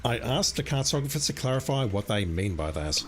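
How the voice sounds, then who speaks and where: A man streaming a video game, musing to himself in casual commentary, his voice slightly hoarse. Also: mid-range voice, brisk, hardly any pauses, a little hiss or hum. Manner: relaxed, musing to himself as he plays.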